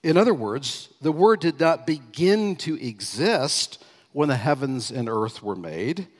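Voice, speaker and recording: A man preaching a sermon as pastor, emphatic, slowing down and stressing key phrases as he reads scripture. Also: on the high side, big pitch swings, in a large hall.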